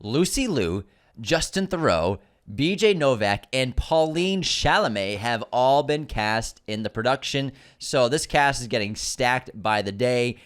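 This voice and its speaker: A man's voice: medium pitch, animated, unhurried. A man co-hosting a podcast, chatting casually about movie news with enthusiasm and frequent restarts. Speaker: podcast co-host.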